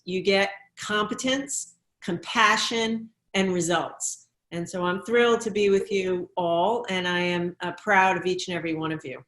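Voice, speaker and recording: A woman governor moderating a panel, speaking in an upbeat way and praising her fellow panelists. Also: mid-range voice. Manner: upbeat, warm praise, occasional restarts. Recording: echoey room.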